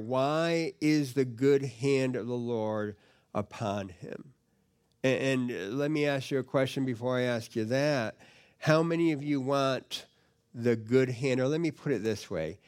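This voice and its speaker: A man's voice: mid-range voice, a little mellow. A man preaching and teaching to a live audience in a conversational way, often repeating words and putting questions to the listeners. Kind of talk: teaching sermon.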